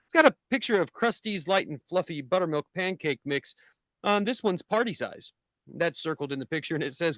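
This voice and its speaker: A man's voice: fairly high pitch, animated, brisk, fairly bright tone, dry recording. A man co-hosting a casual podcast, reading memes aloud with frequent fillers and laughs. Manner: laughs often, reads captions with hesitant fillers.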